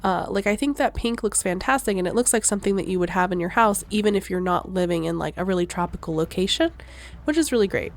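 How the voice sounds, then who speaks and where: A woman's voice: mid-range voice, expressive, quick pace. A young woman chatting casually over gameplay footage, rambling, trailing off and laughing often as she talks through what she made. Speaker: gaming vlogger.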